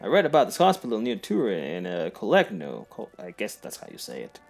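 A nervous, guilt-ridden married businessman with a Southern US drawl, as a man puts him on. He stammers and apologizes, and his voice is husky and gravelly. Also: fairly low pitch, huge pitch swings, a little fast, faint music behind, pitched below the performer's own voice, heavily acted. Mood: apologetic. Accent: put-on Southern US.

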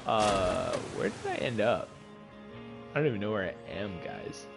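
A man streaming himself playing a game, commenting casually and swinging from loud outbursts to quiet muttering. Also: on the low side, unhurried, creaky, loud music behind the voice. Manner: excitable, swings from yelling to muttering.

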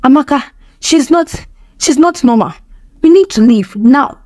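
A woman's voice: high-pitched, expressive, measured pace, darkish tone, no room sound, studio quality. A woman voicing a terrified teenage schoolboy who talks in a trembling, panicked way.

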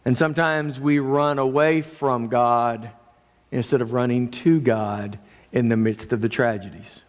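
A man preaching a sermon as pastor, earnest, moving between raised and hushed delivery. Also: mid-range voice, steady tone, measured pace. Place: church sanctuary. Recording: long church reverb.

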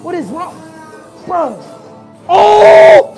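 A man's voice: very high-pitched, sing-song, slow, over music. Panicky young man screaming and swearing. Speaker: streamer. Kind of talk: live-streamed haunted house walkthrough.

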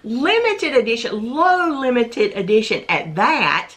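An excitable woman hosts a collectible-pin unboxing video, exclaiming over each item. Her pitch leaps and swoops all over the place. She takes her time, with a slow, unhurried pace between the outbursts. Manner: gushing and excited, exclaiming often. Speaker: channel host.

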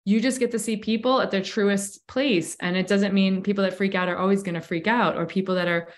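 A woman's voice: mid-range voice, fairly even intonation, a little fast. A woman who coaches breathwork and cold exposure, explaining enthusiastically in a casual interview with long flowing sentences.

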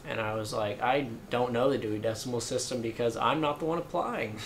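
A man's voice: medium pitch, fairly quick. Young man, podcast guest, laid-back storyteller, filler-heavy, light background hiss. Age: young adult. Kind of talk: casual chat.

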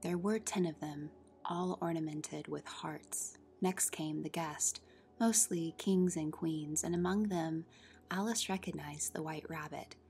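A woman narrating a classic children's story in soft, half-whispered tones. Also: deep voice, a little slow. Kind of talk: storybook reading. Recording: soft music under the reading.

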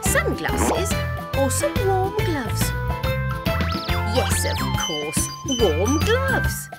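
A woman presenting a preschool show, reading a story and talking straight to young children. Her high voice swings widely in a warm singsong. She speaks slowly and softly, a little breathy. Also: wildly swooping pitch, over loud music. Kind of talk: slow, expressive preschool storytelling.

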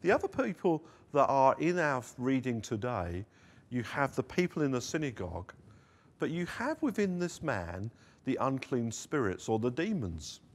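Male pastor, mid-pitched voice, earnest sermon delivery with emphatic quotes. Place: church service streamed online.

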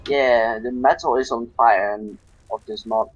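A man's voice: medium pitch, fairly even intonation, unhurried, highs cut off. A Dutch man with a slightly British-sounding accent, casually explaining game tactics while he plays. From Netherlands. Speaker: host playing and commenting.

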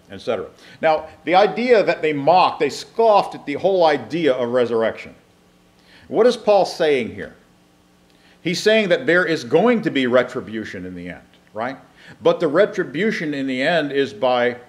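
A man leads a Bible class in an even, mid-pitched voice. He reads scripture passages aloud, then stops to explain them, often restarting his sentences as he teaches.

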